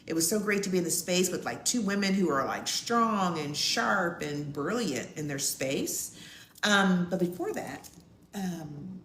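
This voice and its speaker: A middle-aged woman telling a personal story to her listeners in a loose, chatty way. Her pitch swings widely, and she jumps up high when she acts out what people said. She is recorded in an echoey room with a faint hum of ambience behind her. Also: a little slow. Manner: animated, acts out quotes in a high voice. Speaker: podcast co-host. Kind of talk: casual storytelling.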